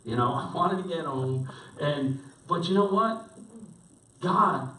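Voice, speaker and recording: A man's voice: a little high, animated, slow, bright, forceful tone. A man preaching as a pastor, telling a story in a conversational way with lots of restarts and fillers. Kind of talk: storytelling sermon. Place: church hall. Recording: echoey hall, voice from far off.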